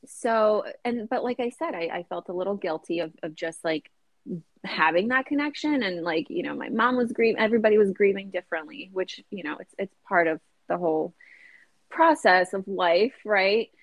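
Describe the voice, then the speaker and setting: A woman's voice: medium pitch, moderate pace, dry recording. A woman in her thirties talking as an interview guest, chatty and casual, with lots of "like" and "you know" fillers.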